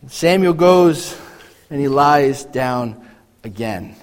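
A man preaching a sermon, reading scripture and acting out the voices in the story with animated energy. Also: mid-range voice, takes it slowly, long reverb tail. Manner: animated, acts out biblical voices. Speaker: pastor.

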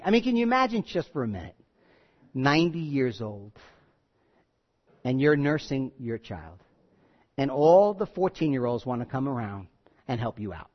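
A man's voice: sits high, big pitch swings, moderate pace. A man preaching a sermon in a joking, conversational way, acting out the people he quotes. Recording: dull sound in a reverberant hall.

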